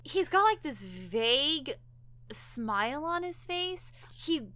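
A woman's voice: high voice, slow. A woman on a podcast chatting casually as she recaps an episode, acting out characters' lines as she goes. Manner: animated, acts out characters' lines in quotes. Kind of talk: casual chat.

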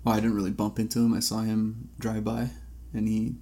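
A young man co-hosting a podcast, telling rambling stories in a relaxed, casual chat. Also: fairly low pitch, brisk. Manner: laid-back, rambling anecdotes with fillers. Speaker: podcast co-host.

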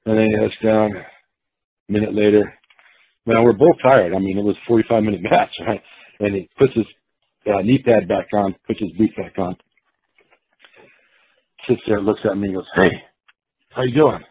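A man's voice: fairly low pitch, steady tone, moderate pace, pauses often, breathy edge, dry recording. A man casually telling a long story, acting out the quotes of the people in it, with many restarts. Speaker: guest storyteller. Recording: tinny phone-like line.

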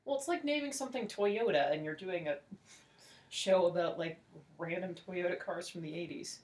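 A woman's voice: on the low side, normal speed, a little mellow. A woman co-hosting a podcast in casual chat, trailing off and circling back to her point. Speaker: podcast co-host.

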